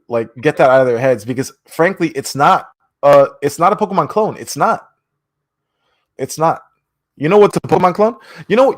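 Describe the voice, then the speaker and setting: A man co-hosting a casual gaming podcast, talking in an excitable, rambling way with frequent swearing while he has the hiccups. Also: medium pitch. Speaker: podcast co-host.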